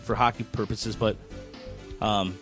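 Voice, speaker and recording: A man's voice: on the low side, steady tone, a little slow, fairly bright tone, faint music behind. A man hosting a sports radio show in a studio, steering the topics with many hesitations. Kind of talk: casual sports radio talk.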